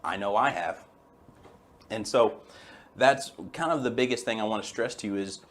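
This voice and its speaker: A chiropractor with a fairly low voice hosts a webinar in a relaxed, folksy way, chatting with his audience as if they were friends. His enthusiasm comes easily, his storytelling flows casually, and there's slight background noise.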